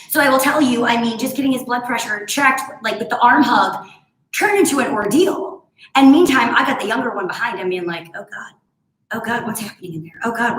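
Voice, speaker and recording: A woman's voice: fairly high pitch, bright, forceful tone, roomy sound, rough recording. A woman in her thirties teaching a home barre workout, chatting through stories between exercise cues. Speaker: barre instructor. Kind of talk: live home workout class cueing.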